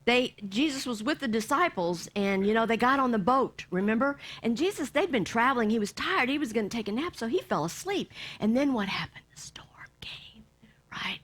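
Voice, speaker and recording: A woman minister giving a sermon, lively, acting out bits of the story and dropping to soft near-whispers for emphasis. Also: a little high, a little fast, hardly any pauses. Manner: animated, acts out voices, drops to soft near-whispers.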